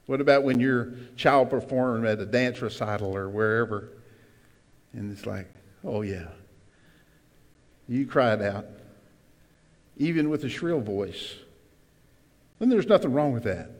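Man, pastor, preaching sermon; slow, emphatic delivery with loud outbursts; long church reverb. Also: mid-range voice. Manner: emphatic preacher with sudden loud cries and call-and-response asides. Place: church sanctuary.

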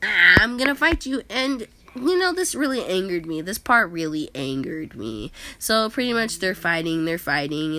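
A woman's voice: mid-range voice, bright, forceful tone. A young woman in a casual, profane, rambling movie rant, exasperated and cursing.

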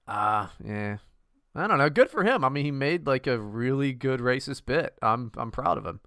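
Bright crisp-voiced guy cohosting a podcast, swears a lot, jumps all over in pitch, dry sound. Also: moderate pace, no echo. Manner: profane, mocking, animated. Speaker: podcast co-host. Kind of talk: casual chat.

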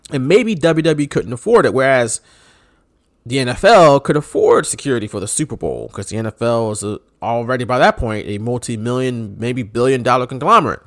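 A man co-hosting a podcast in casual chat, animated and joking. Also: mid-range voice, dry recording, studio quality. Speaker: podcast co-host.

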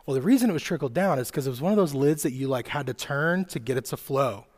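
A man in his thirties preaching a sermon to a live church audience, telling personal stories casually with lots of "like" and "right?", dropping soft and quiet then rising loud and excited. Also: mid-range voice, fast talker. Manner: conversational storytelling, fillers like "like" and "right?". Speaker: youth pastor.

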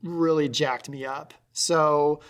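A woman co-hosting a podcast in casual chat, telling stories animatedly. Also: slow. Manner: animated storyteller, jumps high on excited lines. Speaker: podcast co-host.

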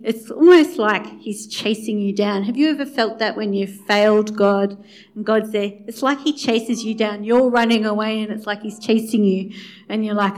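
A woman preaching a sermon in a conversational way, acting out the quoted dialogue as she goes. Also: mid-range voice. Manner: conversational, acts out quoted dialogue with swings in loudness.

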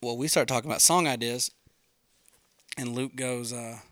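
A man's voice: mid-range voice, fairly even intonation, moderate pace, a bit bright, dry recording, clean studio sound. A man, a songwriter, casually telling how a song was written, loose and rambling, swearing freely and often saying dude. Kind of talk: casual storytelling conversation.

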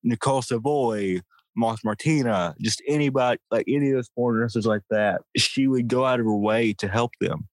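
A man's voice: medium pitch, normal speed, dry recording. A man co-hosting a casual podcast, filling in background knowledge with a dry, sarcastic streak. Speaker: podcast co-host. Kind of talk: casual chat.

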